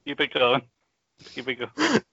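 A man's voice: medium pitch, huge pitch swings, a little slow, gravelly, highs cut off, background noise. A man co-hosting a podcast, bantering casually and urging the others on with enthusiasm. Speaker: podcast co-host.

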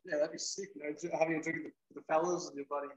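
Fast-talking Australian man. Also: on the high side, level tone, muffled recording. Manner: quick, chimes in with short remarks. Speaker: podcast guest. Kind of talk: casual chat.

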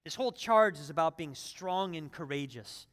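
High-voiced pastor preaching in a reverberant hall. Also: male voice, animated, normal speed, fairly bright tone. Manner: conversational, builds to emphatic runs. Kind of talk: sermon.

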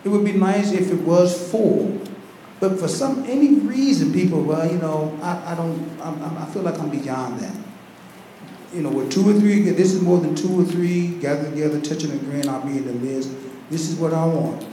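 Male pastor, high voice, fervent sermon delivery, echoey church hall recording. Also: normal speed, mellow. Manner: preaching with rising fervor and repetition. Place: large echoing church hall. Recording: very echoey church hall, faint background noise.

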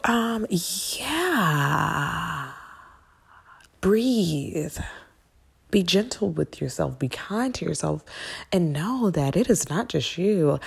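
A woman hosting a spiritual podcast, talking casually with sassy, animated asides. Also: lowish voice, creaky, slightly rough.

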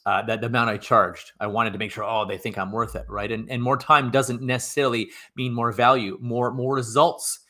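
Man at mid pitch, motivational speaker riffing off the cuff, pushy repeated commands, trips over his words. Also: steady tone, normal speed, few pauses, bright, forceful tone. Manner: emphatic and repetitive, stacking short commands; frequent stammered restarts. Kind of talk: unscripted motivational monologue.

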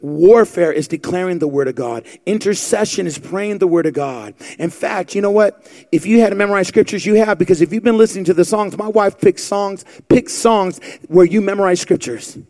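A man's voice: sits high, fairly quick, warm tone. A middle-aged male pastor preaching a fervent sermon, quoting scripture and firing rhetorical questions at the congregation.

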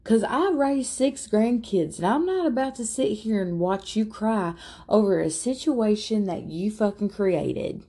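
A woman voicing a brash older grandmother who scolds loudly and swears bluntly. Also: low voice, completely flat delivery, slow, vocal fry, breathy edge, exaggerated voice. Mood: scolding. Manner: loud, scolding, cussing.

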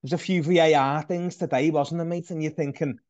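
A man's voice: on the high side, steady tone, a little fast, darkish tone. A man, co-hosting a casual football podcast, rambling and ranting with lots of restarts. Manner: rambling, ranting, many restarts, says mate a lot. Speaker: podcast co-host. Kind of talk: casual chat. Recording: lo-fi dull sound.

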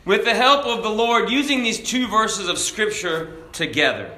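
A man preaching a sermon, slow and deliberate, with a self-deprecating sense of humor. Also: sits high, expressive, bright, forceful tone. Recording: echoey room.

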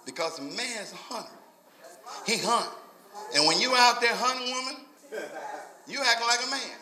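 A man's voice: very high voice, moderate pace, roomy sound, a crowd in the background. A male pastor preaching a sermon in a rhythmic, repetitive call-and-response style with folksy vernacular phrasing. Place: church sanctuary.

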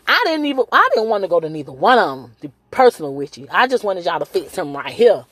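Lower-voiced woman telling a personal story. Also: very animated, quick pace, fairly bright tone, no echo. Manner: conversational and emotional, with many fillers. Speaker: mother and hospital worker.

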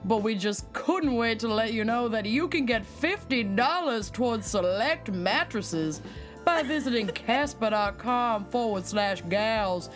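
A woman's voice: on the high side, animated, unhurried, soft background music. A woman co-hosting a casual podcast, playful and teasing. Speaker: podcast co-host. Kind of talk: casual chat.

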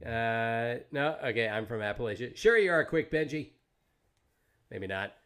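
A man raised in the American South, hosting a podcast stream. He talks in a relaxed, joking way, chatting with his guest and reading out viewers' comments. His pitch sits in an ordinary middle range for a man. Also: unhurried, smooth. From Southern United States. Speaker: podcast host. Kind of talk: casual interview chat.

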